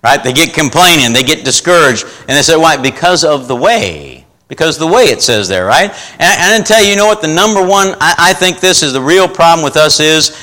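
A man preaching a down-to-earth sermon, his voice pitched a little high and sounding bright and forceful. He reads scripture, then keeps throwing questions back at his listeners in a folksy, repetitive way. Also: lively intonation, a little fast, few pauses, poor audio. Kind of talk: informal sermon with scripture reading.

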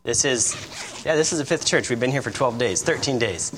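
A man's voice: mid-range voice, lively intonation, fairly quick, fairly bright tone. A man in his thirties, a visiting missionary preacher, giving a casual, joking, self-deprecating sermon in a church. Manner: self-deprecating, chatty, with laughs. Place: church sanctuary. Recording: church hall reverb, faint room noise.

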